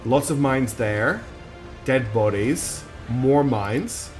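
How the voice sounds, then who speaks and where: A male streamer talking over his game in a relaxed, chatty way, thinking out loud and joking at his own expense. His pitch sits mid-range, with faint game music underneath. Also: very slow. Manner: chatty, laughs at himself, thinks aloud. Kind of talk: casual let's-play commentary.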